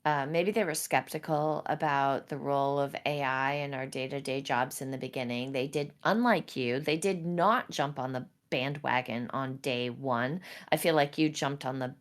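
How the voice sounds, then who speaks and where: A woman hosting a podcast, asking questions in a playful, lively way. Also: very deep voice, moderate pace, few pauses. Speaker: podcast host. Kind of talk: casual interview talk.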